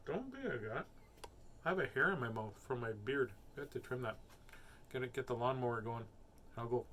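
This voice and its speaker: Bright-toned playful man reading stories. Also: medium pitch, slight background noise. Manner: playful and silly, rambling asides. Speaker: host reading children's books aloud. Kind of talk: casual chat and picture book reading.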